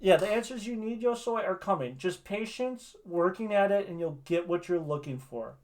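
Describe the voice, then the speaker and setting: A man's voice: sits high, lively intonation, moderate pace, darkish tone. Chatty man reading tarot. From Wisconsin, USA. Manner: chatty, reassuring, peppers speech with "right?". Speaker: tarot reader and livestream host. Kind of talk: casual livestream chat.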